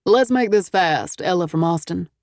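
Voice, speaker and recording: A woman's voice: fairly low pitch, animated, normal speed, darkish tone, no echo. A woman narrator voicing a confident Texan millionaire man with an easygoing, wry drawl and a Texas accent.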